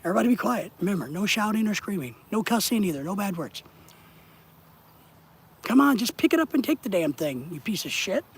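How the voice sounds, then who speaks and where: Husky man chatting on a fishing stream. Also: high voice, sing-song, a little fast. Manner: rambling, chatty, addresses viewers in chat. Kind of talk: casual live-stream chat. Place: outdoors, fishing.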